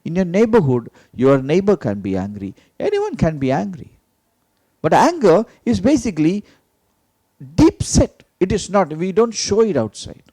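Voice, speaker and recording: A man's voice: high voice, big pitch swings, moderate pace, warm tone, dry recording. A man giving an emphatic motivational teaching talk, repeating key phrases and asking rhetorical questions. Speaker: motivational speaker.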